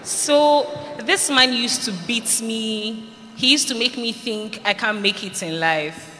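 Woman sharing her testimony, bright voice, long hall echo, bit of noise behind. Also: fairly high pitch, slow pace. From Ghana. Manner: earnest storytelling, acts out quoted lines. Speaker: speaker giving a testimony. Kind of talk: personal testimony to students. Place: large hall at a school event. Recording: reverberant hall, faint noise.

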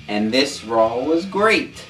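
A man's voice: medium pitch, very animated, slow pace, fairly bright tone. Dry young man in an echoey room. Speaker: podcast co-host. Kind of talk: casual wrestling chat. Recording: echoey room, mic at a distance, music.

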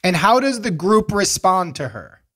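A man's voice: high-pitched, big pitch swings, unhurried, fairly bright tone, slightly rough, no echo, studio quality. Man asking mock-serious leading questions. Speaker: co-host. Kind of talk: comedic advice podcast banter.

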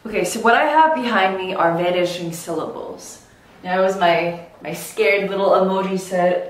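A woman teaching English pronunciation, saying each example word slowly and clearly. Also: mid-range voice. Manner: slow, clearly articulated teaching. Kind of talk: pronunciation lesson. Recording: echoey room, distant mic.

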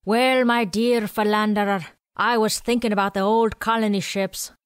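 A woman's voice: mid-range voice, fairly even intonation, normal speed, clear, resonant tone, no room sound, clean studio sound, voice pushed up, lightly acted. A woman voicing a wheezy, nasal one-armed male quartermaster who teases and fusses. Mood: fussy. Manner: fussy, teasing, chatty.

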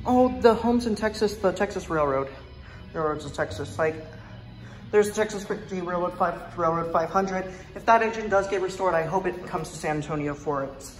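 A young woman vlogging in an indoor museum on a handheld phone, rambling and enthusiastic with many fillers, now and then dropping to a hush. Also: lowish voice, moderate pace, soft background music. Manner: drops to a hush at times. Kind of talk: excited vlog commentary.

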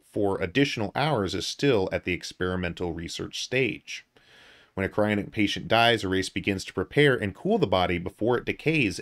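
A man from the US hosting a casual podcast, with a fairly low voice. He reads an article aloud and breaks off for joking asides and filler words. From United States. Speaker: podcast host.

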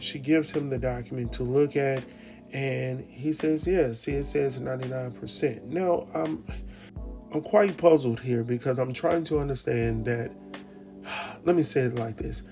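A man's voice: medium pitch, unhurried, gravelly, mellow, faint music behind. A man hosting a casual TV episode recap, telling it in a loose, slangy way and retelling scenes as dialogue.

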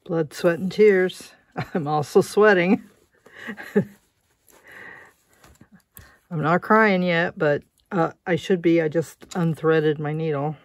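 Sewing as she talks, a crafting vlogger chats casually, muttering and making jokes at her own expense. Her voice is lowish and steady, slow with long pauses, and the recording has no room sound.

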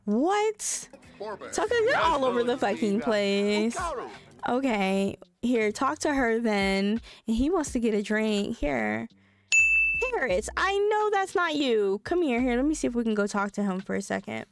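Animated woman narrating a life-sim game. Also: fairly high pitch, a little slow, a crowd in the background. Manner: animated, swearing, voices the characters. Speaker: let's play host. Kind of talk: casual gameplay commentary.

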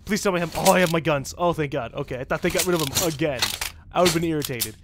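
A man giving casual, excitable gameplay commentary with swearing and chatty asides. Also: a little high, racing, noisy background. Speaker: let's-play gamer.

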